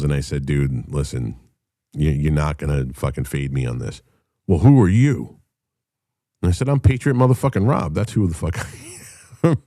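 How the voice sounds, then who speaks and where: Very deep-voiced profane male podcast host. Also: dark tone, dry recording, clean studio sound. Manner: profane, heated storytelling. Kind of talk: casual monologue.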